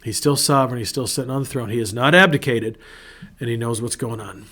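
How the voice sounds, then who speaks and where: A man's voice: medium pitch, quick pace, pushed and bright. Guy pastor doing a chatty heartfelt devotional, lots of restarts, voices the prayers. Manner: earnest, conversational, with many restarts; acts out prayers and quotes in a shifting voice. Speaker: pastor and podcast host. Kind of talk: devotional sermon talk.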